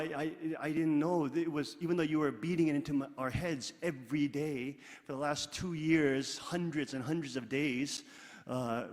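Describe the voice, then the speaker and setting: A man with a high voice preaches in a large hall, and his words ring out with a long reverb. He speaks emphatically, piling up repeated phrases and pushing them louder as he builds. It is sermon delivery, unscripted and earnest. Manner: emphatic, repetitive, building to loud peaks. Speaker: religious leader.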